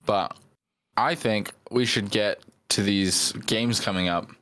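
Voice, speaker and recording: A man co-hosting a sports podcast, chatting in a relaxed, easygoing way with fillers. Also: on the low side, slow pace, no echo. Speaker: podcast co-host. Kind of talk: casual sports chat.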